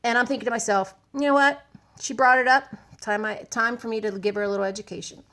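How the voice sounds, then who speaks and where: Chatty woman with a high voice. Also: quick pace. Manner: chatty, animated, rambling with asides. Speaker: vlogger. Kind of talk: casual storytelling to camera.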